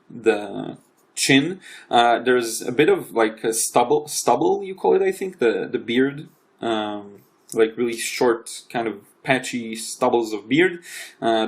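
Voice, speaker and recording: A young adult man casually narrating his own painting session as a voice-over, halting and often restarting his sentences. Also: mid-range voice. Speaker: watercolor artist and channel host.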